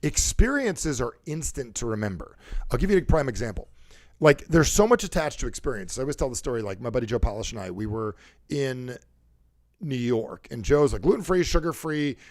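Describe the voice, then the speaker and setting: A man's voice: medium pitch, big pitch swings, brisk, no room sound, clean studio sound. A man hosting a motivational talk show about sales and conversation, who acts out how people sound on calls. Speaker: show host and sales coach.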